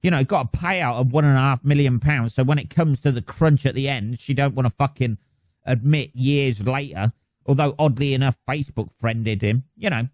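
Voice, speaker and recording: A man's voice: mid-range voice, moderate pace, a little mellow, dry recording. A man hosting his own podcast alone, chatting casually in a rambling, sweary, self-mocking way. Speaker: podcast host. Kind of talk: casual solo podcast chat.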